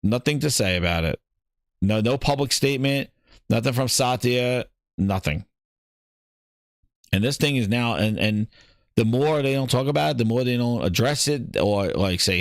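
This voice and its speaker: A man's voice: medium pitch, moderate pace, pauses often, no echo, clean studio sound. A man hosting a gaming podcast, ranting in casual commentary and repeating his points. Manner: ranting, animated, repeats himself. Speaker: podcast host.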